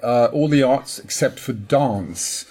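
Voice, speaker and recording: A man who is a professor of composition, giving a polite, measured self-introduction as a guest speaker. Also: medium pitch, warm tone.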